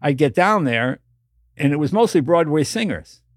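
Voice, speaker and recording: A man's voice: a little high, moderate pace, no room sound, clean studio sound. An older man telling stories in an interview, acting out the voices of people in them. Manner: animated storyteller acting out voices. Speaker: guest. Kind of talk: storytelling interview.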